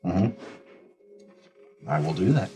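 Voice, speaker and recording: A man's voice: low-pitched, expressive, takes it slowly, mellow, husky, faint music behind, poor audio. A man playing a tabletop game, answering in brief, easygoing replies. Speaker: player. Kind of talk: casual tabletop play.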